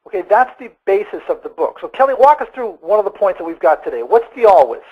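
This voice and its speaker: A man hosting a sales webinar, telling a story in an animated, conversational way with quick asides. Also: sits high, slightly rough, lo-fi sound. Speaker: webinar host.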